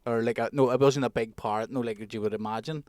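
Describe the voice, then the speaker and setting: A man's voice: mid-range voice, steady tone, fast, darkish tone, no room sound, studio quality. A young man co-hosting a casual podcast chat, jokey and sweary, laughing a lot. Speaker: podcast co-host.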